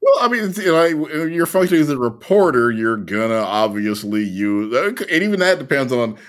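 A man's voice: medium pitch, sing-song, a little fast. A man co-hosting a podcast, explaining his points in casual chat with hesitant restarts. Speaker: podcast co-host.

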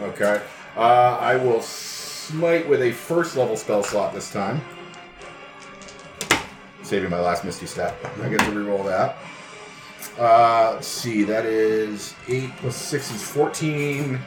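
A man's voice: medium pitch, slow, echoey room, over music. A man playing a tabletop game, joking, laughing and working out dice sums aloud. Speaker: player.

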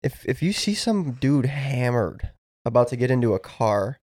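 A man's voice: medium pitch, sing-song, normal speed, a little mellow, no room sound, clean studio sound. A man co-hosting a podcast, chatting casually and swearing freely. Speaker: podcast co-host. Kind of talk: casual chat.

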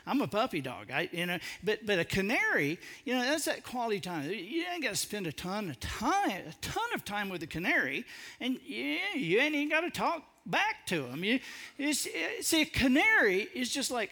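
An animated man speaks to an audience in a high, bright, lively voice, telling a comic story at his own expense. His pitch leaps around and his speech is colloquial. He often stammers and restarts mid-sentence. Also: normal speed. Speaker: public speaker. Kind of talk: humorous storytelling talk to an audience.

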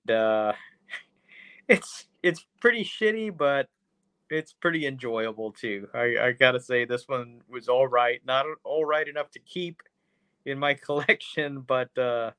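Man, podcast co-host, rambling casual recap, average pitch, dry room. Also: unhurried, fairly bright tone, clean tone, no echo. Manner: rambling, profane, plot recap with fillers. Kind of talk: casual movie review chat.

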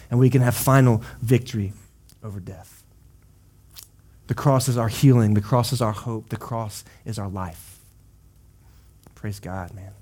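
A man's voice: medium pitch, warm tone. A man preaching a sermon as pastor, building passionate repetitive runs and dropping in casual exclamations. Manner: impassioned, repetitive preaching cadence.

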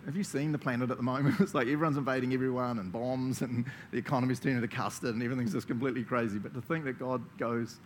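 A man's voice: medium pitch, steady tone, fast, hardly any pauses, a little hiss or hum. A man with a New Zealand accent preaching a conversational sermon, enthusiastic and chatty, laughing often as he talks. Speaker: pastor.

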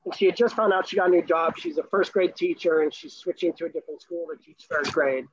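Speaking fast in a voice on the high side, steady in tone with a breathy edge, a man in his thirties from Florida tells a long, rambling, enthusiastic story in casual chat. He is a sailor and new father. The recording is dry, dull, and lo-fi.

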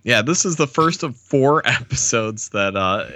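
A man's voice: medium pitch, expressive, unhurried, sharp tone. A man co-hosting a podcast in easygoing casual chat, often laughing and hesitating with "uh". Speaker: podcast co-host.

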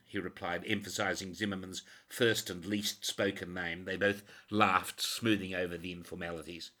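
Man narrating a crime novel, bright tone. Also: low voice, fairly even intonation. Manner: measured, dramatic storytelling. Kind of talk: scripted audiobook narration.

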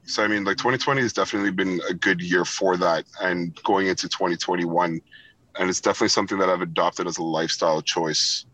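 A man's voice: low voice, fairly even intonation, fast, a bit bright, low-quality recording. A man in real estate talking reflectively on a call, with many "you know" fillers.

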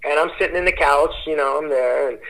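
A man's voice: fairly high pitch, fast, creaky, fairly bright tone, rough recording. A man in his forties, a podcast guest, telling a rambling, profane story in casual chat.

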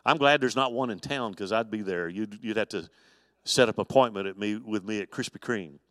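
A man, a pastor, teaching an evening adult Bible study in a folksy, animated storytelling way with touches of humor. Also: fairly low pitch, a little fast, dry recording, studio quality, big-room sound.

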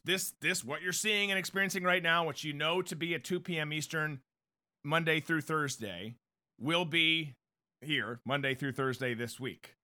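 A man hosts a live stream in a loose, joking way, moving between news chatter, viewer questions and ad reads. His voice sits a little high for a man and comes across bright and forceful. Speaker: host of a live political show. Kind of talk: casual live-stream talk.

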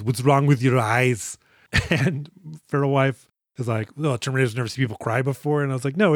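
A man's voice: medium pitch, no room sound, clean studio sound. A man co-hosting a casual movie podcast, recapping scenes in a jokey, profane way and acting out lines. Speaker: podcast co-host.

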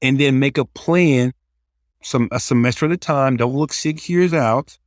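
A man talks in an earnest, practical way, often slipping into little acted-out quotes of prayers and teenagers. His voice sits at a middle pitch for a man, and the sound is dry and close, with no room around it. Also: unhurried, no room sound. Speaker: youth ministry leader. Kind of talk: casual podcast advice.

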